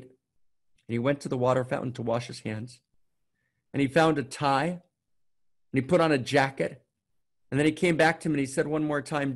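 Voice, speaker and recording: A man's voice: medium pitch, steady tone, moderate pace, pauses often. A man giving a sermon as a spiritual teacher, telling a story emphatically and often checking in with the listeners. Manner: emphatic storytelling, keeps asking "right?".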